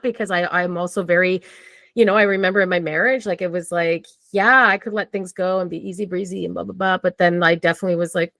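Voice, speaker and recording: A woman's voice: fairly low pitch, fairly bright tone, dry recording. A woman talking candidly and casually as a podcast guest, swearing freely and acting out her own thoughts. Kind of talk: casual conversation.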